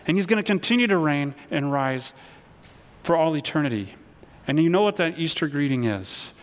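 A man's voice: fairly high pitch, animated, moderate pace. Male pastor, earnest sermon delivery with call-and-response, in a hall with long reverb. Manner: earnest, repeats words, leads call-and-response.

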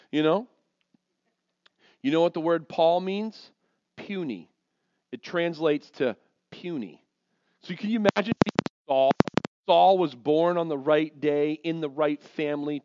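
A man preaching a sermon, telling stories in a lively, joking way and acting out quotes. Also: fairly high pitch, no echo. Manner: lively, jokey storytelling with acted quotes. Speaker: pastor. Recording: dull lo-fi dry sound.

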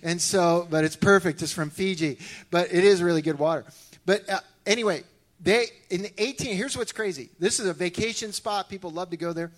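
Pastor guy preaching, kinda high voice, chatty, keeps restarting his sentences. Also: fairly quick. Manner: casual, animated preaching with frequent restarts. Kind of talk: sermon.

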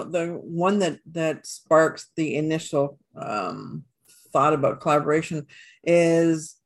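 A woman guest on a podcast who answers at length with many fillers and restarts. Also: on the low side. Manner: rambling, frequent fillers and restarts. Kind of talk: casual interview chat.

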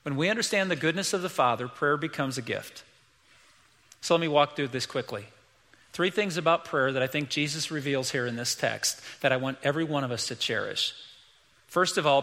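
A man's voice: medium pitch, brisk, pushed and bright, big-room sound. A middle-aged man preaching a sermon as pastor, emphatic and repeating key lines, acting out quoted voices.

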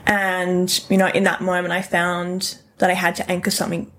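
A woman's voice: on the low side, completely flat delivery, normal speed, a bit bright. A woman, a podcast guest, talking casually and telling a personal story, acting out the lines of the people in it. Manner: chatty storytelling, acts out quoted dialogue.

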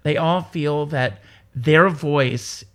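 A man from South Carolina, a stage performer and guest, chatting casually and telling rambling, animated stories. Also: fairly high pitch, extremely slow. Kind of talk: casual interview chat.

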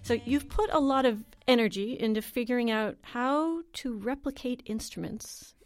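A woman interviewing a guest, asking questions in a measured, conversational way. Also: fairly high pitch, faint music behind.

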